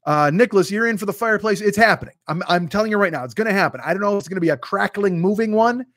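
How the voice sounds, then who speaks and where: A man's voice: sits high, expressive, rapid-fire, a bit bright, dry recording. A man in his fifties hosting a casual livestream from a home studio, chatting with viewers in a profane, rambling, self-mocking way. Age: 50s. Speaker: host. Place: home studio with green screen.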